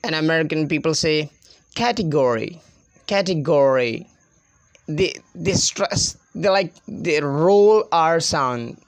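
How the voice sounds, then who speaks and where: A man's voice: on the high side, takes it slowly, hardly any pauses, no room sound. Man, Pakistani accent, English tutor, repeats words to demonstrate, close dry sound. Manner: laughs often, repeats words to demonstrate pronunciation. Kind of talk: casual spoken English lesson.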